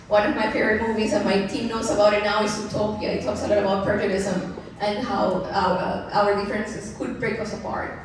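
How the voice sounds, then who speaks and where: A woman in her thirties gives a candid keynote at a large event venue, telling personal stories, laughing often and throwing asides to the crowd. Her voice is mid-range. It's picked up by a distant, echoey hall mic with slight background noise.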